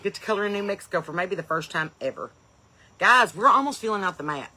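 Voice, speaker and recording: A woman, hosting a live stream and chattily greeting viewers, calling out their places with eager bursts of loudness. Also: mid-range voice, animated, fast. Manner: chatty, calls out place names loudly and eagerly. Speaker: comedian and podcast host.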